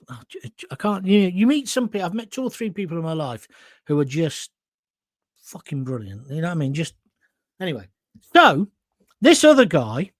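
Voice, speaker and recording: A middle-aged man tells a long, rambling anecdote, cursing freely and wandering off into asides. His voice sits high and swings widely in pitch. The sound is close and dry. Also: no echo. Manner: swearing, rambling with restarts and asides. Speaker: host. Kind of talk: casual storytelling monologue.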